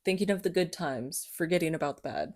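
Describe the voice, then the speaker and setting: A woman's voice: on the low side, fairly quick, gravelly, a little mellow. A woman co-hosting a podcast in casual chat, reacting with short quips and jokes. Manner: reactive, joking, short interjections. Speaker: podcast co-host.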